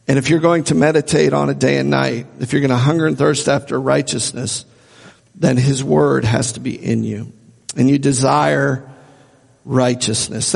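A man's voice: a little high, vocal fry, darkish tone, slightly rough, long reverb tail. A man preaching a sermon as a pastor, earnestly repeating phrases for emphasis.

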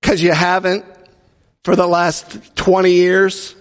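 A male pastor with a high-sitting, fairly flat voice preaches slowly, using humorous stories and acting out the voices of the people in them. A large hall gives the recording a long reverb.

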